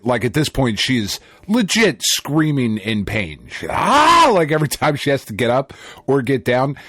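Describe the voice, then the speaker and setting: A man's voice: mid-range voice, no echo. A man co-hosting a podcast, telling a story in casual, profane chat and laughing often. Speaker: podcast co-host.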